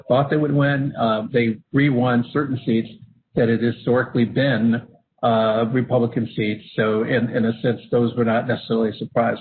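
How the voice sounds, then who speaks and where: A man moderating a webinar and walking through slides, halting with many fillers and restarts, coughing at times. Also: mid-range voice. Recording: phone-line audio with faint hiss.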